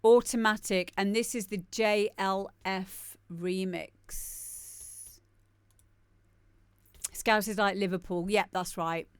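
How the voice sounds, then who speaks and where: A woman's voice: medium pitch, fairly even intonation, slow, long pauses, clean tone, no room sound. A woman DJ hosting a live-stream show, giving chatty, rambling commentary on the tracks and laughing often. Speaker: DJ and show host.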